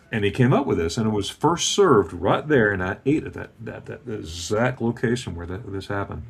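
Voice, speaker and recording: A man's voice: vocal fry, breathy edge. A man in his fifties telling a casual travel story on a video call, acting out the dialogue as he goes. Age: 50s. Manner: animated, acts out dialogue with lively pitch swings.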